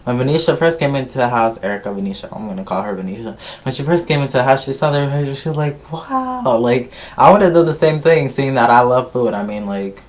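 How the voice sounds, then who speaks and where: A man's voice: medium pitch, animated, quick pace, few pauses. Gossipy man recapping a reality show. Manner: gossipy, swears a lot, skips ahead with "blah, blah, blah". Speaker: vlogger reviewing a reality show. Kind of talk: casual recap.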